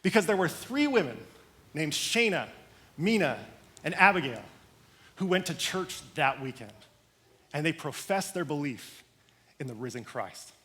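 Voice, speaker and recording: Higher-voiced male pastor telling a story. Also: a little slow, long pauses. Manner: expressive, dramatic retelling with varied emphasis. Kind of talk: sermon storytelling.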